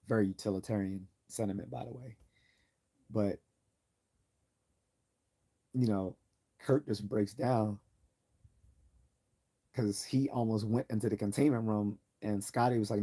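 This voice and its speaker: A man's voice: lowish voice, fairly even intonation, measured pace, pauses often, dark tone, husky. A man hosting a livestream, talking in an earnest, enthusiastic way that rambles with frequent restarts. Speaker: livestream host. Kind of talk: casual livestream commentary.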